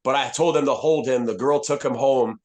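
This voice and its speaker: Brief: man, 50s, retired soldier on a podcast, blunt and profane, mid-pitched, candid storytelling. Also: a little fast. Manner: blunt, profane, frequent restarts and fillers.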